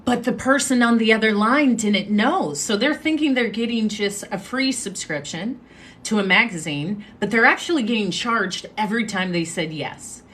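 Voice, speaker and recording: A woman hosting a live stream, telling a story in a chatty, animated way and making asides to her viewers. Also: medium pitch, normal speed, husky. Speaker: livestream host.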